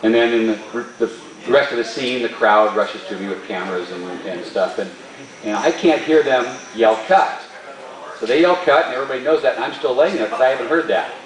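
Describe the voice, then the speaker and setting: A man, a stunt performer, telling a story at a live Q&A in an animated way and laughing often. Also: medium pitch, a little fast. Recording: roomy hall, distant mic.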